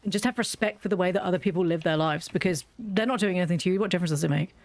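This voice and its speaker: A fairly low-pitched woman talks rapid-fire with no room sound in the recording. She's a British YouTuber chatting casually over a game, ranting bluntly and cursing freely.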